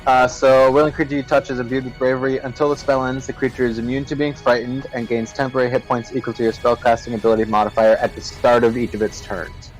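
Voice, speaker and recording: A man's voice: mid-range voice, level tone, poor audio. A man playing a tabletop game, laid-back, reading out spell rules in a casual tone. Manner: laid-back, reads rules aloud quickly. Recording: faint music behind the voice.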